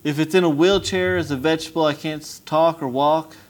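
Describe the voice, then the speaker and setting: A young adult man, a missionary preacher, giving an impassioned testimony sermon that rises to loud pleading. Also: on the high side, steady tone, brisk.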